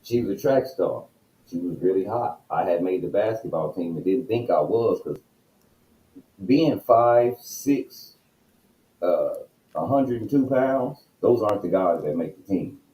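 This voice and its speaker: A very deep man with a dark, mellow voice speaks plainly and directly about his own experiences. His voice carries a clear room echo. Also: animated, a little slow. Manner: direct, uses himself as the example. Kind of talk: casual personal storytelling. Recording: echoey room.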